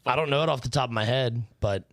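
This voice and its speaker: Man, podcast co-host, laid-back storyteller, mid-pitched voice, dry close sound. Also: fast, fairly bright tone, no echo. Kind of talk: casual chat.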